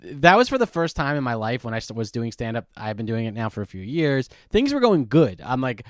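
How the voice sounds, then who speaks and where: Fast-talking rambling young man. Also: medium pitch, very animated, no room sound, clean studio sound. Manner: rambling, restarts a lot, talks fast. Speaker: stand-up comedian, podcast guest. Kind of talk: casual podcast chat.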